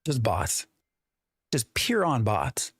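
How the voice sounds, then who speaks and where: A man's voice: mid-range voice, big pitch swings, takes it slowly, slightly rough, no echo, studio quality. A man streaming a game live, rambling in an exasperated way and talking to his chat. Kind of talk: live gameplay commentary.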